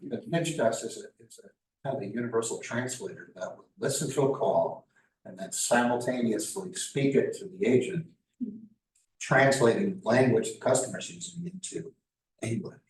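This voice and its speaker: A man's voice: medium pitch, lively intonation, moderate pace. Chatty man heard from across an echoey room. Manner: conversational, with light hesitations. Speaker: workshop participant. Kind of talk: casual chat. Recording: echoey room, distant mic, faint room noise.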